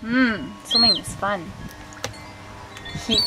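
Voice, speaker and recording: A woman's voice: medium pitch, slow, over loud music. A woman filming her pet seagull chick, coaxing and cheering it on in sing-song baby talk. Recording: loud background noise and bird chirps.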